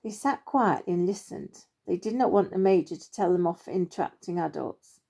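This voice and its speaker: A woman narrating a children's story in a gentle, expressive read-aloud manner. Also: lowish voice, fairly quick, gravelly, slightly rough.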